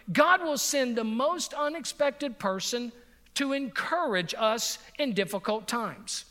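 High-voiced male pastor preaching in a reverberant hall. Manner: emphatic, repeats phrases for effect, drops to a soft voice on key points. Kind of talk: sermon with personal storytelling.

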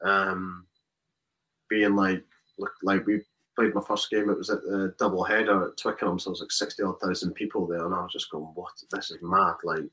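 A young man with a lowish voice talks through his rugby career in an easy, rambling way. He circles back on himself often, with plenty of "like" and "um" along the way. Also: little pitch movement, a little fast, bright, forceful tone, low-quality recording. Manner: casual, rambling with many fillers and restarts. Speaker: rugby player guest. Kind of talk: casual interview chat.

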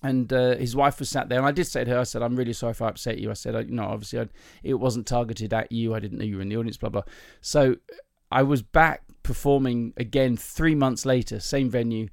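A man's voice: mid-range voice, fairly even intonation, fast, gravelly, darkish tone, no room sound, clean studio sound. A male comedian hosting a podcast, telling chatty, self-mocking anecdotes in a casual voice with plenty of ums and restarts. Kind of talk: casual storytelling chat.

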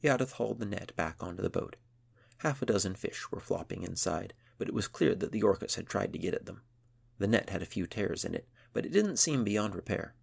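A man narrating a children's adventure story in a measured storytelling manner. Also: lowish voice, lively intonation, vocal fry, slightly rough. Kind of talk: scripted narration.

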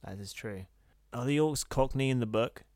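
A man's voice: medium pitch, moderate pace, a little mellow, no echo. Dry, joking man co-hosting a podcast. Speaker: podcast co-host. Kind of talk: casual film discussion.

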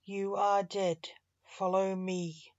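Lady reading grim reaper, stern n huffy, super slow, dull lo-fi audio. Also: medium pitch, flat delivery, no echo, natural voice. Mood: exasperated. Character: stern male Grim Reaper, weary and sharp.

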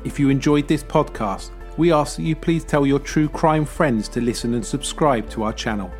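A man hosting a true crime podcast, reading scripted narration in a measured way. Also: mid-range voice, faint music behind. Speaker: podcast host.

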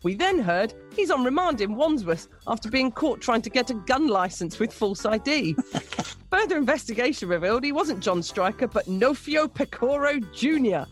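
A woman co-hosting a radio show, reading a listener's story aloud with lively, amused storytelling. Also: a little high, normal speed, soft background music. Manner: lively, amused storytelling, laughing between lines. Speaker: radio co-host.

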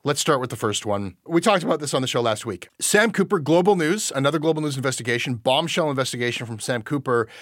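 A man hosting a news commentary show, animated and incredulous, swearing casually. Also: mid-range voice, fast talker, hardly any pauses, no room sound, clean studio sound. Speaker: podcast host. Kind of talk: opinionated news commentary chat.

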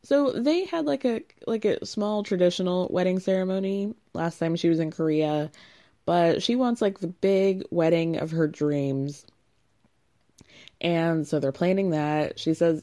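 A woman's voice: lowish voice, expressive, measured pace, warm tone. A young woman recapping a reality TV show in a chatty, sarcastic way, laughing often at the drama. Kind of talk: casual recap commentary.

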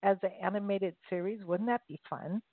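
A woman's voice: medium pitch, fairly even intonation, a little fast, no echo. A woman co-hosting a casual chat, playful and enthusiastic. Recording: phone-like remote call audio.

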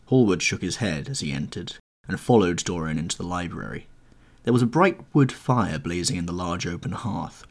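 A man narrating a classic novel in an audiobook, measured and unhurried. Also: sits low.

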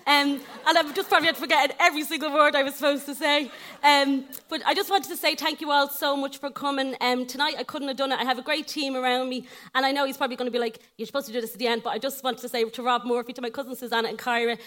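Bright, fast-talking Irish woman. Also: high-pitched. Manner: breathless, excited, rambling with fillers. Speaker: podcast host giving a live show. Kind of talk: nervous thank-you speech on stage. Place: large concert venue.

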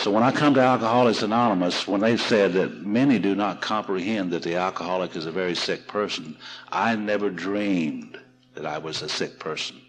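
A lowish male voice comes through a rough archival recording as he addresses a recovery seminar from a podium. He tells folksy stories at his own expense.

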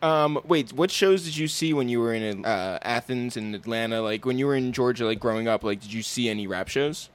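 A man co-hosting a podcast, telling stories in an animated way and acting out the people he quotes. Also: medium pitch, fairly quick, few pauses. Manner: animated storyteller, acts out quoted voices. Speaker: podcast co-host. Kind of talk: casual interview chat.

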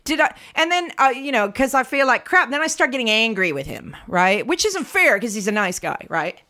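American woman on a podcast, bright sharp voice, really animated storytelling. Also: fairly high pitch, brisk. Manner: animated, indignant storytelling with asides. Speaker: podcast co-host. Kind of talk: casual storytelling chat.

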